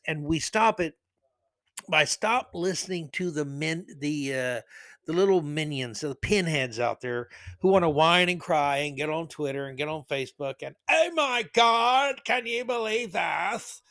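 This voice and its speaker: A man's voice: on the high side, moderate pace, a bit bright, dry recording. A man hosting a solo opinion podcast, ranting bluntly and sarcastically and throwing in corny jokes. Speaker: podcast host.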